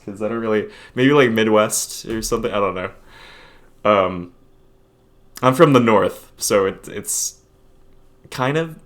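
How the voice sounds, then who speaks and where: Low-voiced, hesitant young man vlogging. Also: fairly bright tone. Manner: hesitant, rambling, self-deprecating. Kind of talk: casual confessional vlog.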